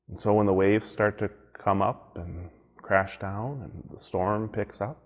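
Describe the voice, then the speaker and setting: A man's voice: lowish voice, moderate pace, few pauses. A man as pastor giving a devotional sermon, reflective and conversational, repeating phrases for emphasis.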